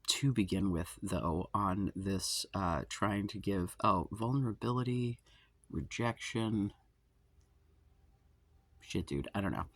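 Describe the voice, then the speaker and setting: A man in his forties talks in a loose, rambling way and drifts off on tangents, swearing freely and joking at his own expense. His voice sits a little low. It is recorded close and dry, with no room sound. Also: a bit bright, no echo. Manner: profane, self-deprecating, tangent-prone. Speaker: advice podcast host. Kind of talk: casual rambling monologue.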